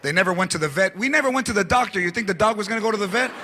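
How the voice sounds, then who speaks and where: A man's voice: high-pitched, lively intonation, very fast. A man doing punchy stand-up on a theater stage, mixing in Spanish phrases, recorded with a handheld mic. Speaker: stand-up comedian. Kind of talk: stand-up comedy. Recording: live show with loud crowd and noise.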